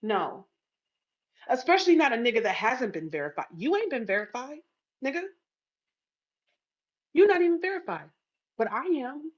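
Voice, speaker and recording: A woman's voice: on the high side, very animated, moderate pace. A woman hosting a live audio chat room, defensive and profane, stumbling and repeating herself. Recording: dull lo-fi sound.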